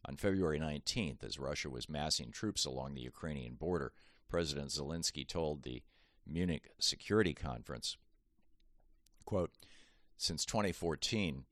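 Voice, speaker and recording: A man, a commentator, reading his own political essay aloud in a measured, emphatic way with pointed asides. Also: extremely low pitch, lively intonation, a bit bright, dry recording, clean studio sound.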